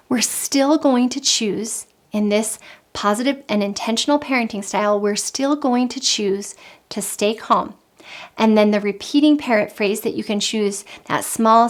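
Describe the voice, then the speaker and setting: A woman giving calm, earnest parenting advice in an instructional talk, repeating her key points. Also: fairly high pitch. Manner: calm, earnest, with frequent repetition. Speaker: parenting coach.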